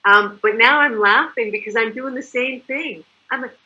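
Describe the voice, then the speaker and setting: Her fairly high voice moves at a normal pace with few pauses, captured in lo-fi sound. The woman, a product distributor presenter living in Mexico, delivers an animated, chatty sales presentation and acts out examples as she talks.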